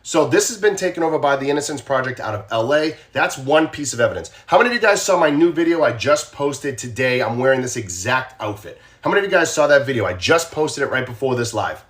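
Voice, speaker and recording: A man's voice: medium pitch, expressive, fast, few pauses, a bit bright. A man with a Boston accent hosting a casual true crime livestream, talking straight to viewers and repeating his questions to them.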